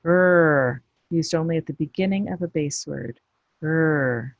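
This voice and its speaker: Woman phonics tutor, low husky voice, slow deliberate delivery. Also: no echo, lo-fi sound. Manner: pronounces isolated sounds deliberately, explains briefly. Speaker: phonics teacher. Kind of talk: slow instructional phonics drill.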